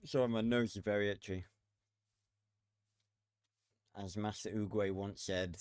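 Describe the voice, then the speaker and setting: Playing a building game, a man who makes gaming videos chats casually, muttering, swearing from time to time, and laughing. His voice is fairly low and a little mellow, with fairly even intonation and normal speed, recorded at studio quality with no echo.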